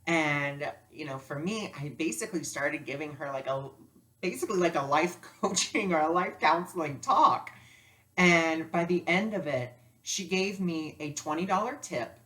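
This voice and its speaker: A woman teaching spiritual lessons through personal stories, animated and acting out dialogue. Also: low-pitched, normal speed. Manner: animated, acts out dialogue with lively voices. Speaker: spiritual teacher and life coach. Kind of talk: storytelling lesson.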